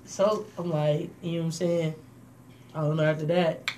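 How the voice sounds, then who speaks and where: A woman's voice: low voice, moderate pace. A woman co-hosting a casual chat, telling a wild story with profanity and acting out the voices of others. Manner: animated, profane, acts out voices in quotes. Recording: distant mic with faint noise.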